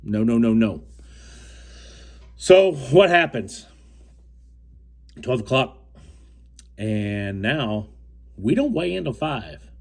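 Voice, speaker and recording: A young man from the United States tells a fishing story in a casual, rambling way. He restarts and repeats himself often, and his tone stays firm and indignant, at an ordinary mid pitch. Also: very animated, takes it slowly, pauses often, a little mellow. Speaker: fishing co-angler telling a story.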